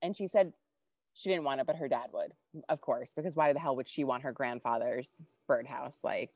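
Low-voiced woman telling a candid story. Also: moderate pace, no room sound. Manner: animated, candid, swears freely. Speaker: podcast co-host. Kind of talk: casual chat, personal storytelling.

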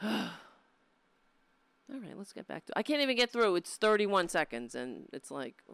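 A woman's voice: mid-range voice, normal speed, smooth, no room sound. A woman hosting a live political commentary stream, exasperated, mocking and swearing often. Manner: profane, exasperated, mocking, animated.

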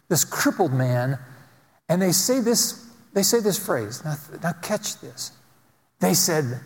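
A man preaches to his congregation in an easy, storytelling way, tossing out rhetorical questions as he goes. His voice sits somewhat high for a man. Long reverb from a large church hall trails each phrase. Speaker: pastor. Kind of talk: sermon.

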